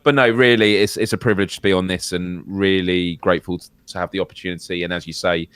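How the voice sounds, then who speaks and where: A British man with a very deep, smooth voice. He chats in a self-deprecating, good-humoured way as a guest on a live stream. The sound is close and dry. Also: steady tone, quick pace, a bit bright, no room sound. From Britain. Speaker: guest co-host. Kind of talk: casual live-stream chat.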